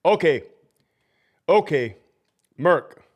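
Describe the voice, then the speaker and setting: A man's voice: on the high side, extremely slow. A man who used to be a prison officer, hosting a casual live stream and talking bluntly and profanely about use of force. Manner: profane, blunt, animated storytelling. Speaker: livestream host, former prison officer. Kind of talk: casual livestream chat.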